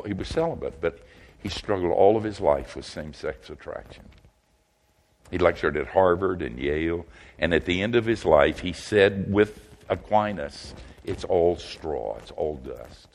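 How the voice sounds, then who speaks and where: An older man preaching a sermon in a folksy, wry way, swinging from loud outbursts to hushed asides. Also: deep voice, moderate pace.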